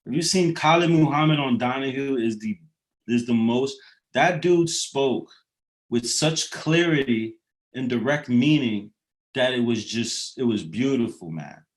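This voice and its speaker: A man's voice: mid-range voice, expressive, measured pace. Man rambling profanely in a medium voice. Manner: profane, loose and philosophical, with many fillers. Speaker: rapper. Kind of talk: casual rambling monologue.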